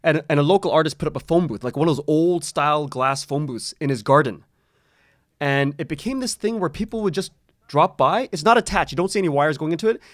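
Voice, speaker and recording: Male guest, slightly high pitch, rambling storyteller, dry room, restarts a lot. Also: expressive, a little fast, no echo. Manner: rambling, many restarts, laughs often. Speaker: podcast creator, interview guest. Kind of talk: casual conversational interview.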